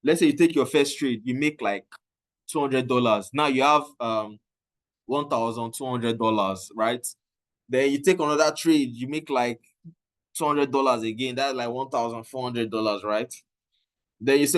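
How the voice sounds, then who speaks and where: A man with a Nigerian accent telling a casual, animated story about trading and often mixing in Pidgin. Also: mid-range voice, normal speed. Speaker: trading coach. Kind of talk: casual talk.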